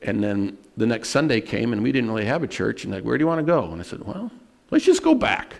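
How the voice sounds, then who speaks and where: Earnest gravelly-voiced male pastor preaching. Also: fairly low pitch, big pitch swings, quick pace. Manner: earnest, personal storytelling. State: emotional at moments. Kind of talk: sermon.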